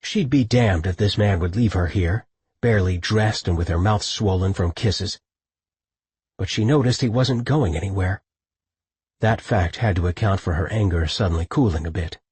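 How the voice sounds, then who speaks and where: A man narrating an audiobook in a low, husky voice. He is recorded close on a studio mic with a dry sound. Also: moderate pace, darkish tone, no room sound.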